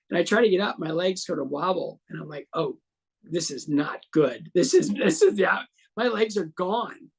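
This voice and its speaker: Guest storyteller: man in his 60s, gravelly, animated, acts out quotes. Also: sits high. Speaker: interview guest. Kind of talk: storytelling in an interview.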